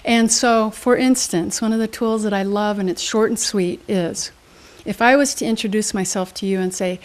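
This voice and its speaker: A woman's voice: medium pitch, moderate pace. Brief: middle-aged woman, motivational speaker, upbeat teaching tone, interview guest. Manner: energetic, teaching with examples and questions.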